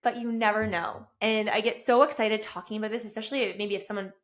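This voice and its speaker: A woman's voice: mid-range voice, quick pace. A woman in her thirties hosting her own podcast, talking casually and enthusiastically. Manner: enthusiastic, effusive, rising to excited bursts. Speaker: podcast host. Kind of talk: casual solo podcast monologue. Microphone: self-recorded with camera.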